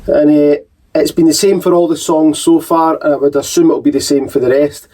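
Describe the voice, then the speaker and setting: A man's voice: a little high, steady tone, fairly quick, dark tone. A man with a Scottish accent hosting a casual album-review chat, talking in a chatty way with hesitant restarts. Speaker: show host.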